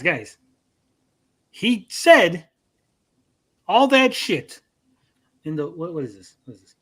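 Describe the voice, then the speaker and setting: A man's voice: fairly high pitch, a bit bright, husky. A man co-hosting a livestream podcast, talking bluntly and profanely and mocking people with put-on quotes. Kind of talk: profane, blunt casual chat.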